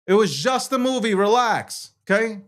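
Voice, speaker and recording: A man with a high, slightly bright voice and lively intonation hosts a talk show at a moderate pace. He reads out social media posts and rebuts them in a profane, combative, heated rant.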